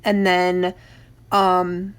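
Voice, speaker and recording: A woman's voice: fairly low pitch, completely flat delivery, extremely slow, clear, resonant tone. A middle-aged woman hosting a casual craft live stream, greeting viewers by name and laughing often between remarks.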